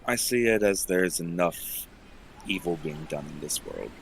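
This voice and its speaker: A man playing a character in a tabletop game, speaking in a measured, earnest way. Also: deep voice, expressive, gravelly, breathy edge. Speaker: player. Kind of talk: in-character roleplay.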